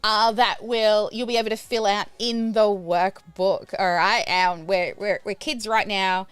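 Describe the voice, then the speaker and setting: A middle-aged woman, a business coach teaching on a livestream in a bubbly, loud and energetic way. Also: medium pitch, unhurried, clean tone, dry recording.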